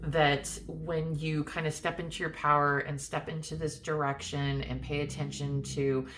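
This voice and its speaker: A woman with a low, level voice gives a casual tarot card reading at a normal pace, her tone a bit bright over slight background noise. She's chatty and reassuring, speaking straight to the viewer with plenty of fillers and restarts.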